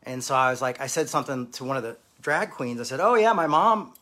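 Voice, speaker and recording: Rambling, halting man telling his story. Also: medium pitch, steady tone, sharp tone. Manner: rambling, halting, with many fillers and restarts. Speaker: speaker sharing a personal story. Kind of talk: candid personal storytelling.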